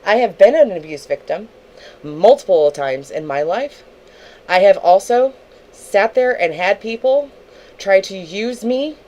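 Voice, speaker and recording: A young woman, animated yet unhurried, with a mid-range and slightly mellow voice, angrily tears into another streamer on her livestream. She's confrontational and swears heavily, captured on a low-quality recording.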